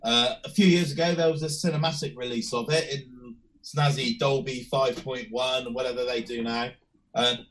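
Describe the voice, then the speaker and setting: A man with a croaky voice from a cold, chatting at length on a podcast with many restarts. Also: medium pitch, fairly even intonation, normal speed, fairly bright tone, poor audio. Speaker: podcast co-host. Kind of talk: casual podcast chat.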